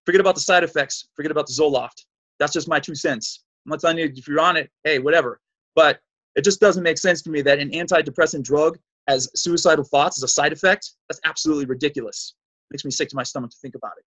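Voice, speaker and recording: A man's voice: fairly high pitch, quick pace, a bit bright, rough recording. A man hosting a fitness show, giving an emphatic, preachy solo monologue full of repeated points.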